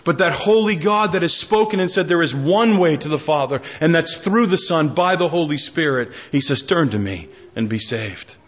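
A man preaching a sermon, reading scripture aloud and swinging between loud, high-pitched declarations and low, quiet emphasis. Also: moderate pace, few pauses, dull audio. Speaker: pastor.

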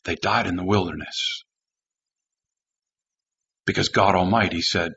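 A man's voice: low-pitched, fairly even intonation, unhurried, vocal fry, long pauses, pushed and bright, highs cut off. A male pastor preaching a sermon with an emphatic, repetitive cadence.

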